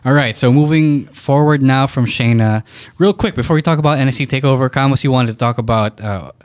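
A man's voice: medium pitch, fairly quick, darkish tone. A man hosting a casual wrestling podcast, steering the talk and mixing in Tagalog. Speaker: podcast host.

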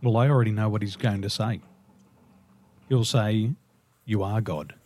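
An Australian man, a guest on an interview, telling lively stories and laughing through them. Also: on the low side, moderate pace, a little hiss or hum. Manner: animated, laughs through his own stories. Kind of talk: casual storytelling interview.

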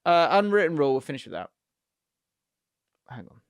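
A man's voice: a little high, sing-song, brisk, dry recording. A man, co-hosting a casual football podcast, often laughing as he reads listener messages aloud. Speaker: podcast co-host. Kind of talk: casual chat.

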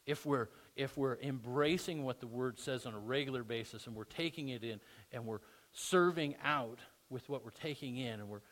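A man's voice: mid-range voice, fairly bright tone. Conversational man preaching. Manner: conversational, builds to emphatic bursts. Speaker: pastor. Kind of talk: sermon.

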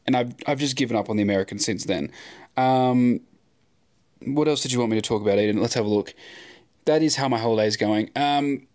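A man's voice: medium pitch, brisk, a little mellow. A young Australian man hosting a casual podcast, rambling and sarcastic, swearing freely. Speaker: podcast co-host.

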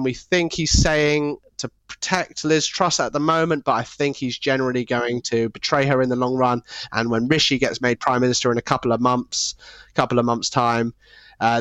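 A man's voice: medium pitch, a bit bright, no room sound. A man co-hosting a casual podcast chat, swearing freely, saying "mate" constantly and laughing often. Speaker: podcast co-host.

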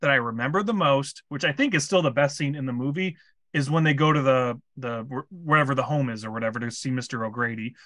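A man's voice: mid-range voice, quick pace, a bit bright, dry recording, clean studio sound. An American man co-hosting a casual movie review podcast, joking and rambling with restarts. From United States. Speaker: podcast co-host.

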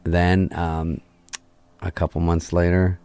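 A man's voice: sits low, takes it slowly, smooth, no room sound. A middle-aged man telling a story in casual, profane talk, acting out the voices of the people in it. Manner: animated, profane, acts out quoted voices. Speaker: guest comedian. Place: garage studio.

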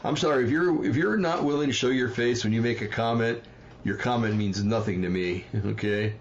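A man's voice: medium pitch, fairly quick, highs cut off, a little hiss or hum. Heated rambling man on a livestream. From New Jersey. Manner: rambling and heated, with frequent fillers and apologies. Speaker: livestream host. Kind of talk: casual livestream commentary.

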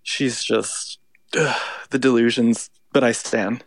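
A man's voice: mid-range voice, fairly even intonation, slow pace, no echo. A man co-hosting a casual pop culture podcast, chatty and full of "like" fillers. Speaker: podcast co-host. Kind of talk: casual chat about pop music.

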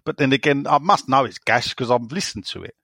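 A man's voice: mid-range voice, fairly quick, gravelly, pushed and bright, breathy edge, dry recording, clean studio sound. A man co-hosting a casual football podcast, reading out listener messages with teasing, jokey banter and frequent laughter.

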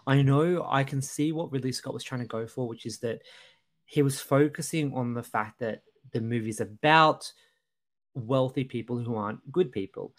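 A man co-hosting a podcast, talking over a film in a hesitant, earnest way, with many ums and restarts. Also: medium pitch. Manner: earnest, critical. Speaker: podcast co-host. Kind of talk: casual film review chat.

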